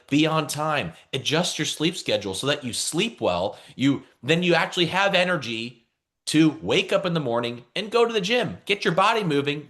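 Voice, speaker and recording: Male team leader on a video call, animated delivery with a lot of pitch movement, punchy repeated lines. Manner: energetic, repeats phrases, calls for responses. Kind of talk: motivational talk on a video call.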